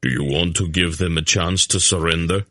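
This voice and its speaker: A big, blunt warrior speaks in a low, offhand grumble, as a man puts him on. The voice drops even deeper than usual, close and dry on the mic. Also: moderate pace, no room sound. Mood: gruff.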